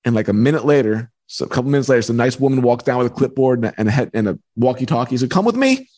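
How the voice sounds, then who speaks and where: A man, a book author and podcast guest, telling a personal story in a lively way. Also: mid-range voice, rapid-fire. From New York. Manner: lively, acts out voices in anecdotes. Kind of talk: animated storytelling.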